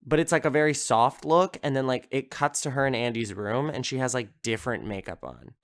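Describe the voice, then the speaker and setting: A man's voice: medium pitch, brisk, fairly bright tone. A man hosting a casual podcast, retelling a horror film in a chatty way, full of "like" fillers and easy swearing. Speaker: podcast host.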